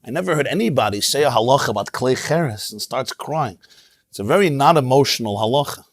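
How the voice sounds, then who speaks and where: A man teaching a Torah class as a rabbi, in an animated, emphatic way, sprinkling in Hebrew terms. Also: mid-range voice, fast talker, no room sound. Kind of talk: lively Torah lecture. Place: synagogue.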